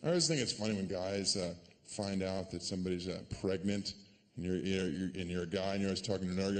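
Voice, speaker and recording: A man performing a stand-up comedy set on a stage, sarcastic and deadpan, with sudden loud put-on voices. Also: low voice, a little fast, in a large hall. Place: comedy stage before a live audience. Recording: live stage recording with audience noise.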